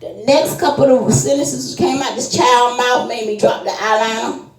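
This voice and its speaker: Woman spinning a casual story, high and animated, in an echoey room. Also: moderate pace. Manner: animated, acts out quoted voices with big pitch jumps.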